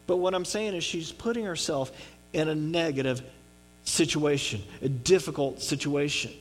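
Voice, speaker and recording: A man's voice: fairly high pitch, moderate pace, soft background music. A man giving a conversational sermon on a Bible passage in an earnest way, often checking in with his listeners. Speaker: pastor.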